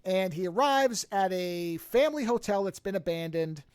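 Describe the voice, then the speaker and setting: Animated podcast host recapping a film. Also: mid-range voice, moderate pace, smooth, no echo. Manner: animated, acts out quotes with shifting voices. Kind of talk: casual retelling of a movie plot.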